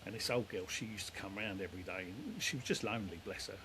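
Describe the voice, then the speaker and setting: A man's voice: low voice, quick pace, background noise. A middle-aged man, a demolition company head, telling stories in a rambling, down-to-earth way. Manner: rambling, down-to-earth, lots of fillers. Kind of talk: casual storytelling chat.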